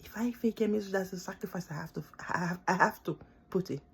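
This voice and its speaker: A woman's voice: lowish voice, brisk, creaky, breathy edge. A young woman, a student born abroad, venting in an impassioned, pleading rant to camera, repeating herself for emphasis. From born outside the country she lives in. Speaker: vlogger. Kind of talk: emotional direct-to-camera rant.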